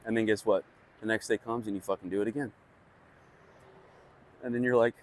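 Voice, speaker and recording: A man's voice: fairly low pitch, fairly even intonation, a little fast, pauses often. A young man talking bluntly and casually to camera, swearing often and padding his thoughts with fillers as he shares self-help reflections. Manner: blunt, profane, conversational, heavy on fillers. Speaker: vlogger sharing personal growth.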